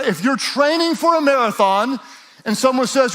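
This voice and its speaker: A man preaching a sermon as a pastor, moving from relaxed joking asides to rising, emphatic exhortation, and asking listeners to repeat lines aloud. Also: very high-pitched, normal speed.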